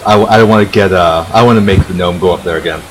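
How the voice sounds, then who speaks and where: A man's voice: low voice, noisy background, close to an everyday voice. A man doing a weary, easygoing ship captain. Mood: pleading. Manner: halting, with many fillers. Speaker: non-player character voiced by the game master. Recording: chatter of a crowd behind.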